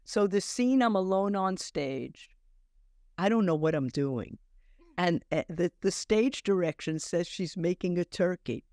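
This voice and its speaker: Older woman telling lively anecdotes. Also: fairly low pitch, no echo, clean studio sound. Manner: animated, halting restarts, acts out dialogue in stories. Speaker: acting teacher, podcast guest. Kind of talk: anecdotal storytelling in conversation.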